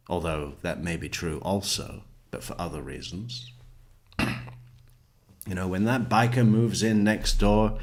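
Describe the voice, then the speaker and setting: A man's voice: deep voice, a bit bright. A man giving mocking, rambling commentary, chuckling as he picks apart courtroom clips. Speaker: true crime commentator.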